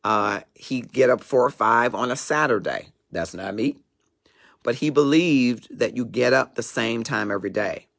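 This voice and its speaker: Gravelly, preachy middle-aged male host. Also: medium pitch, normal speed, fairly bright tone. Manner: preachy, emphatic, digressive. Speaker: talk show host. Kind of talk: motivational talk show monologue.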